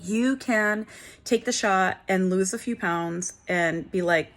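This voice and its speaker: A woman's voice: medium pitch, takes it slowly. A woman in her forties hosting a wellness channel, telling a personal story to camera in a candid, chatty way with playful asides. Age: 40s. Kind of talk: casual talk to camera.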